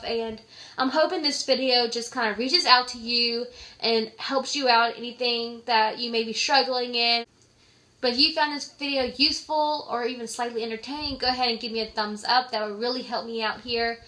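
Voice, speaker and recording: A woman's voice: on the high side, sharp tone. A young adult woman talking to camera in a chatty way, with many filler "likes", while giving advice. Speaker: vlogger. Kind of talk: casual advice vlog.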